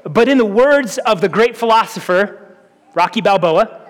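A man delivers an earnest sermon from a church sanctuary, his voice pitched high and carried by a long hall reverb. He presses the room with repeated rhetorical questions and stumbles through quick restarts. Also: animated. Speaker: pastor.

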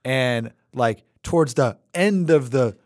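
A man in his thirties, co-hosting a podcast in casual chat, animated and laughing, slipping into other voices as he tells stories. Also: mid-range voice, slow pace, no echo, clean studio sound. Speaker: podcast co-host.

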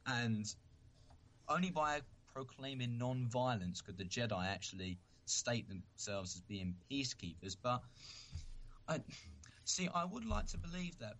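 British guy on a fan podcast, earnest, thinks out loud, a bit halting. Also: medium pitch. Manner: earnest, thoughtful, a little halting. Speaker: podcast co-host. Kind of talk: casual chat.

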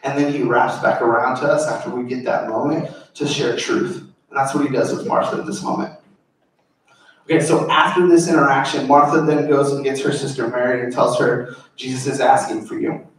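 A man's voice: medium pitch, steady tone, brisk, a little hiss or hum. A man preaching a sermon in an earnest, informal, conversational way, explaining a scripture passage. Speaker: pastor. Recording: very echoey room, voice far from mic.

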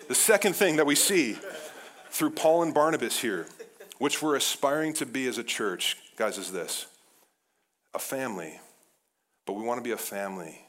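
A man preaching an energetic, casual sermon as pastor, often saying "like" and addressing the church as "guys". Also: mid-range voice, normal speed.

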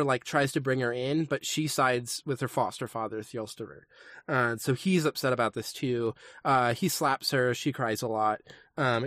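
A man's voice: medium pitch, a bit bright, no room sound, clean studio sound. Chatty man rambling with lots of ums. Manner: rambling, hesitant, full of ums. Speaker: podcast co-host. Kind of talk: casual chat retelling a saga.

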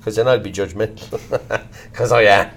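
A middle-aged Irish actor being interviewed, talking bluntly and swearing casually as he tells animated stories. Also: fairly low pitch, moderate pace, creaky, slight background noise. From Ireland. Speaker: actor, guest. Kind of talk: candid conversational interview.

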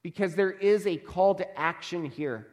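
Male pastor, sermon, emphatic, measured, slightly high voice, long hall reverb. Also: darkish tone. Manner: emphatic, measured, slows for stress.

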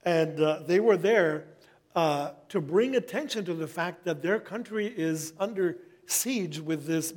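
A middle-aged man preaching a sermon as pastor, speaking in a measured, earnest way and reading scripture slowly. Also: sits high, a little mellow.

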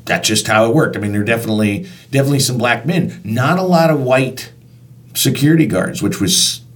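A man's voice: mid-range voice, fairly quick. Man telling a story, distant mic. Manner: conversational, acts out dialogue with restarts. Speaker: storyteller recalling work as concert venue staff. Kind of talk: told personal anecdote. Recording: voice picked up from a distance.

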